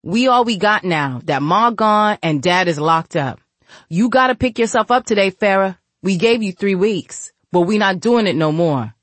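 A woman puts on a grieving young man who won't let his sister give up, talking blunt street slang. His voice is raised, loud and pressing. The reading is dry and close, with no room around it. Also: medium pitch, normal speed, hardly any pauses, dry recording, voice pushed up, natural voice. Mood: forceful. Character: tough young man, grieving protective older brother.

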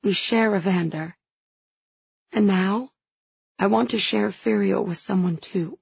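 A woman voicing a grieving young woman, hoarse and halting as she confesses through tears, in an audiobook. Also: mid-range voice, a little mellow, dry recording, dull audio, heavily acted. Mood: tearful. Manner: halting, choked with grief. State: hoarse, tearful.

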